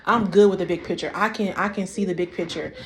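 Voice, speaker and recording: Lively woman giving a preachy marriage talk. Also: lowish voice, quick pace, slight background noise. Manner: animated, repeats phrases, preacherly rises. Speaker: faith and marriage speaker.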